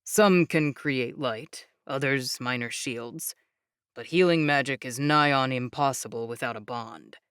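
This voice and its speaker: A woman voicing a calm young man who patiently explains things in a low, measured voice. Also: smooth, no room sound, studio quality. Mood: explaining.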